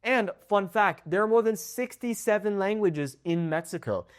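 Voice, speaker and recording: A young man from the United States teaching a Spanish language lesson to camera from his home in Mexico. He sounds upbeat and slows down carefully whenever he models a word. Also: high voice, smooth.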